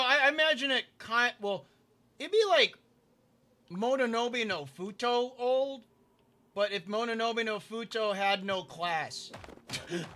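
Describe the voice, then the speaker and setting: High, pushed and bright, this man's voice carries his casual livestream of a building game. He answers chat and mutters to himself while placing blocks.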